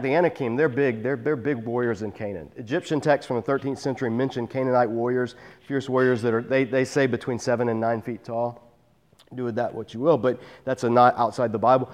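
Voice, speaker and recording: Male preacher, mid pitch, casual verse-by-verse sermon with dry humor, long hall reverb. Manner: conversational, wry asides. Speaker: pastor. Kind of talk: expository Bible teaching. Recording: long reverb of a large room.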